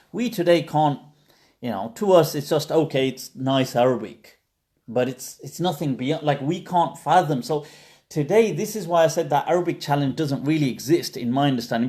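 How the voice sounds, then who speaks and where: A man with a warm voice on the high side hosts a livestream Q&A as an Islamic scholar. He explains things at length in a chatty way, with many fillers and restarts.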